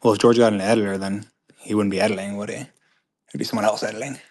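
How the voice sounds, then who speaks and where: A man's voice: lowish voice, little pitch movement, a little mellow. A man hosting a live audio chat room, casually reading out listener questions and answering them in an offhand, rambling way. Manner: offhand, rambling, with restarts and trailing off; skims questions quickly under his breath.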